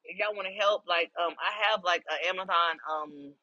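A woman hosting her own podcast, ranting in a heated, profane, casual monologue and swearing constantly, sometimes nearly shouting. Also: lowish voice, normal speed, highs cut off. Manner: raises voice to near shouting. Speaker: podcast host.

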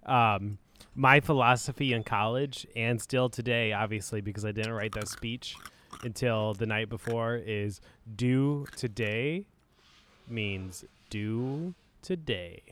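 A man's voice: on the low side, fairly even intonation, unhurried, a bit bright. A young man co-hosting a casual podcast, telling stories with frequent laughter and quoting others. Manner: storytelling, laughs often, quotes others. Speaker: podcast co-host. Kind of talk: casual chat.

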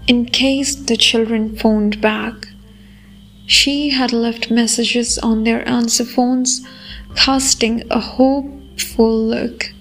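A woman reading a novel aloud as narrator, in a measured, unhurried way. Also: fairly high pitch. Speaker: audiobook narrator. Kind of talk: scripted narration. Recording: faint music behind.

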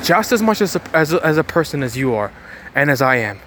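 A man's voice: a little high, sing-song, fast, noisy background. A man giving an emphatic motivational monologue to his viewers, repeating phrases and often restarting his words. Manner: emphatic and repetitive, speaks straight to viewers. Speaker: motivational vlogger. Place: outdoors, about to board a bus.

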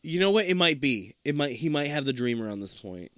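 A man co-hosting a podcast, casually recapping a TV episode in an animated way and acting out the characters' lines. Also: medium pitch, dry recording, studio quality. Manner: animated, acts out characters' lines in quick voices. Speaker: podcast co-host.

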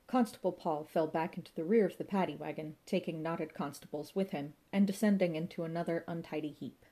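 A woman narrating a comic story in a lively, playful way, voicing sound effects as she reads. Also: sits low, a little fast. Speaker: audiobook narrator.

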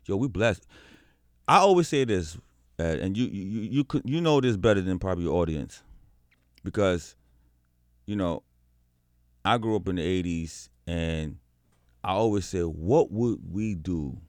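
A man in his forties, a guest musician chatting casually in an interview, telling animated stories, acting out voices and swearing freely. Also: deep voice, moderate pace, long pauses, dry recording, studio quality.

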